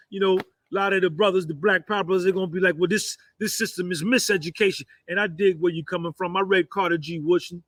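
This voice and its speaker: A man's voice: sits high, fairly bright tone, no room sound. Swaggering New Jersey man in his fifties. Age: 50s. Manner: swaggering, rambling, peppered with "you understand" and "man". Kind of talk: boastful monologue.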